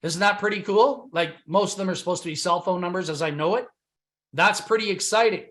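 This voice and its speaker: Brash and punchy, a presenter sells a business opportunity on a conference call at a fairly quick clip, veering between shouting and low side remarks. His voice is a little frayed from speaking so loudly.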